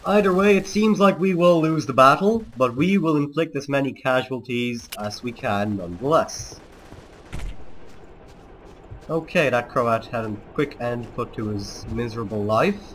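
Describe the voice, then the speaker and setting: A man's voice: medium pitch, expressive, moderate pace, hardly any pauses, slight background noise. Man doing a put-on Serbian accent. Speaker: let's play host. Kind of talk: gameplay commentary.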